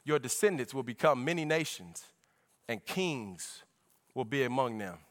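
A man's voice: mid-range voice, lively intonation, measured pace, fairly bright tone. A pastor preaching a sermon to his church, speaking folksy and direct to the congregation, at times lifting into sung tones.

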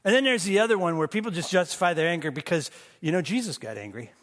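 A man preaching a sermon as pastor, moving between emphatic bursts and hushed, slow lines. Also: high-pitched, lively intonation. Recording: long reverb of a church hall.

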